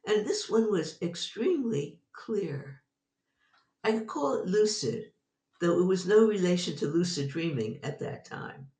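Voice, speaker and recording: An older woman, a psychologist being interviewed, telling a personal story in an animated way and laughing often. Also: lowish voice, measured pace, roomy sound, distant mic. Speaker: guest, psychologist.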